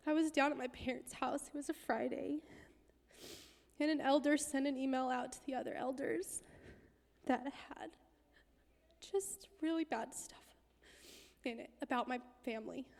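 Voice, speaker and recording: A woman giving a sermon, telling a personal story intensely and emphatically, sometimes dropping to a hushed whisper. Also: sits high, fairly even intonation, measured pace, pauses often. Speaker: guest speaker. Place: church hall. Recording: long hall reverb.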